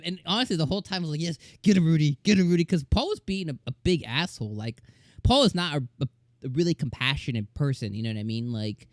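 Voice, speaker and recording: A man reviewing an anime episode in casual chat, excitable and gushing, often repeating words and restarting his sentences. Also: on the high side, no echo, clean studio sound.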